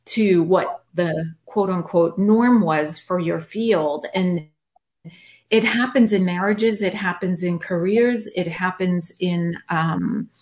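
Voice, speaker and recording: Chatty woman host with a lower voice who laughs easily and gropes for words. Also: slow. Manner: animated, chatty, laughs often, searches for words. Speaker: podcast host. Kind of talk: podcast interview chat.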